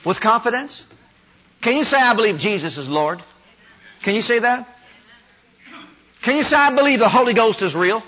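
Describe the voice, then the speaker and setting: Guy preaching a sermon, pretty high voice, keeps firing questions at the crowd, muffled old recording. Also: lively intonation, normal speed, long pauses. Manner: emphatic, rhetorical questions to the congregation.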